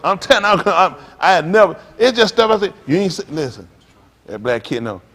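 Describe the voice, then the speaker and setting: A man preaching a sermon as pastor, telling stories with loud outbursts. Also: high voice, fairly quick. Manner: animated preaching with storytelling, loud outbursts and laughs.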